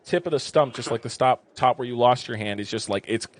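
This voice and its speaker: A man in the game master's seat, describing the world in a mid-range, unhurried voice. He leans on fillers as he thinks, casual and descriptive. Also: medium pitch. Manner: relaxed, descriptive, with filler words. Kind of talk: narrating a tabletop game.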